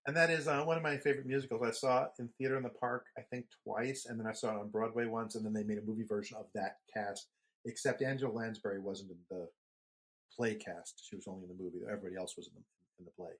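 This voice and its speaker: A man's voice: lowish voice, fast. Rambling middle-aged male podcast co-host. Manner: rambling, animated storyteller with casual swearing. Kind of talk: casual chat.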